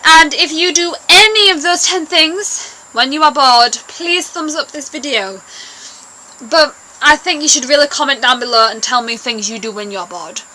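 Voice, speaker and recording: A woman's voice: high voice, normal speed, bright, forceful tone, low-quality recording. A young woman vlogging to camera in a bubbly, rambling, playful way. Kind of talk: casual chat to camera.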